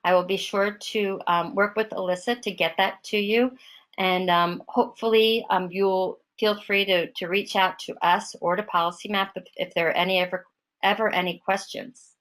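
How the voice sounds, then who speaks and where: A woman giving an online software demonstration in a casual way, with many fillers and restarts, speaking over a web call. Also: medium pitch, fairly even intonation, moderate pace, rough recording. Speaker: product trainer.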